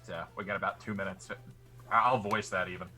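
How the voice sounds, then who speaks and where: Man player, bright, forceful voice, jokey and profane, rambles with fillers. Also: sits low, fairly even intonation, a little fast, soft background music. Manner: joking, swearing, laughing, rambling. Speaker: player, co-host. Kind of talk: casual chat streaming a tabletop game.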